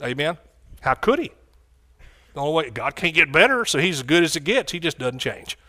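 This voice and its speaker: A man's voice: fairly high pitch, very animated, a little fast, sharp tone. A man preaching a sermon with fervent energy, calling out to his congregation for responses.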